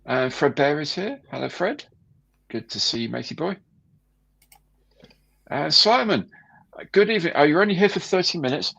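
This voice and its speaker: A man hosts a casual live stream with a gravelly, husky voice. He chats easily and greets viewers one by one. The sound is dull and lo-fi. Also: fairly high pitch, lively intonation, normal speed, pauses often. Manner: chatty, greets viewers warmly by name.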